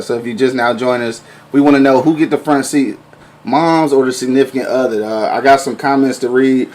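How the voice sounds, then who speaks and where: A slangy, excitable man hosting a live podcast show, quick to burst out laughing. His voice sits at an ordinary pitch. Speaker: host.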